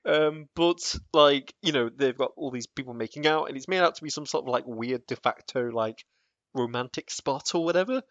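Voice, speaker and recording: A man's voice: mid-range voice, moderate pace, fairly bright tone, no room sound, dull audio. A man co-hosting a podcast in casual chat, rambling with lots of fillers and restarts and laughing often. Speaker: podcast co-host.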